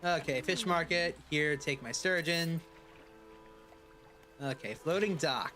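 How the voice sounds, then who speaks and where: A man's voice: fairly high pitch, extremely slow, pauses often, a bit bright, soft background music. A man casually chatting through a live-streamed game, rambling and dropping playful pirate asides.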